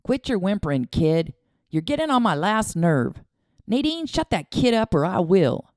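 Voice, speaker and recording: A woman voicing a gruff, snarling man who drives a wagon and threatens a child in an audiobook. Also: mid-range voice, big pitch swings, normal speed, darkish tone, dry recording, clean studio sound, pitched above the performer's own voice, natural voice.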